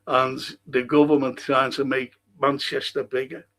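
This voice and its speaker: A man's voice: little pitch movement, a little slow, a bit bright. A middle-aged man from Liverpool with a Scouse accent, hosting a casual monologue, ranting and swearing, his voice shooting up when heated. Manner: ranting, swears freely, voice jumps much higher when heated. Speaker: show host.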